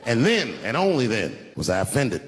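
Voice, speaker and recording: A man's voice: medium pitch, huge pitch swings, normal speed. A man in his forties performing a stand-up comedy set on a large arena stage, telling stories with acted-out dialogue and a drawling, swearing delivery. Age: 40s. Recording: live stage mic, hall reverb, crowd noise. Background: crowd laughter.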